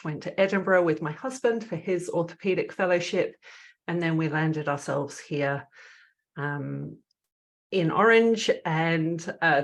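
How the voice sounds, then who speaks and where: Lower-voiced British woman with Australian twang. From United Kingdom. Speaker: podcast guest, physician and coach. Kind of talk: casual interview.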